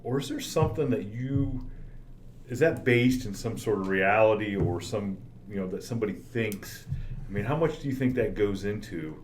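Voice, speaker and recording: Animated man telling anecdotes. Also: lowish voice, moderate pace, a little hiss or hum. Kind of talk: casual podcast chat.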